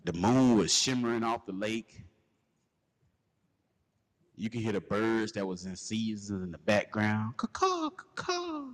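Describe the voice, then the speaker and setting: A man's voice: fairly low pitch, fairly even intonation, unhurried, long pauses, big-room sound. A man telling a long, profane story in casual chat, laughing and acting out the quotes.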